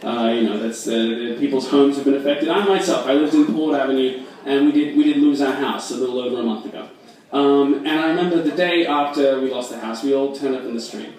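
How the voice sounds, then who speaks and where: A young man from Australia with a mixed Australian and American accent, doing a self-deprecating stand-up set with quick asides and audience banter. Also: mid-range voice, a little mellow. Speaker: stand-up comedian. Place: large echoey hall at a fundraiser. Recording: echoey hall from far off.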